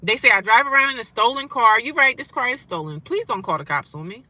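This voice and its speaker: A woman in her forties vlogging straight to her viewers, defiant and sarcastic, jumping from loud outbursts to low mutters. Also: animated, fast, few pauses, dry recording. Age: 40s. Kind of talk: casual direct-to-camera rant.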